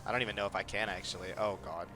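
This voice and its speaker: A man's voice: lowish voice, fairly even intonation, very fast, bright, forceful tone, soft background music. A man playing a game while chatting with a friend, joking and swearing casually. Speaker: player. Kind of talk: casual gaming commentary.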